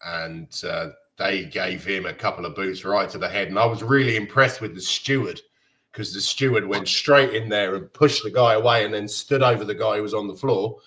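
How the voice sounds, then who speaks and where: Relaxed man chatting about football. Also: lowish voice, normal speed. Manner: rambling, hesitant with fillers. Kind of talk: casual football chat.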